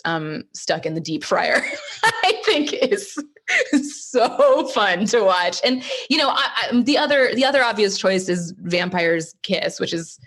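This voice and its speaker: A woman guest on a podcast, chatting casually about films and laughing often as she talks. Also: medium pitch. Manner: giggly, laughs often while talking. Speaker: podcast guest, film enthusiast. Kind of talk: casual interview chat.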